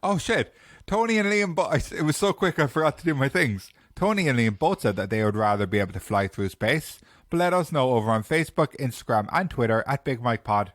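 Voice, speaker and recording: A man's voice: mid-range voice, expressive, brisk, no echo. An Irish man hosting a casual podcast, quizzing his friends with dry, teasing remarks. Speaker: podcast host. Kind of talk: casual chat.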